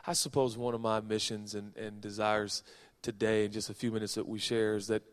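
A man from Seattle preaching a sermon as a pastor, reading scripture with folksy joking asides and swinging from soft to loud. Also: fairly low pitch, flat delivery, fairly quick. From Seattle, Washington, USA. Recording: long reverb of a large hall.

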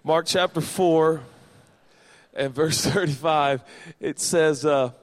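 A man from Seattle preaching a sermon as a pastor, reading scripture with folksy joking asides and swinging from soft to loud. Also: a little high, takes it slowly. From Seattle, Washington, USA. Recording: long reverb of a large hall.

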